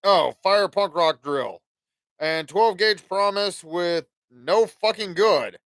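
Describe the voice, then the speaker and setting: Bright, high-voiced profane man chatting. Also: slow pace, dry recording. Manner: profane, rambling, acts out dialogue. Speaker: podcast host. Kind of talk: casual livestream chat.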